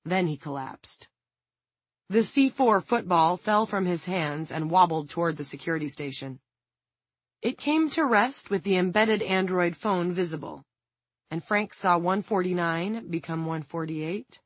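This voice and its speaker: A woman reading an audiobook in a measured, dramatic narration. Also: lowish voice, a bit bright, breathy edge, no room sound.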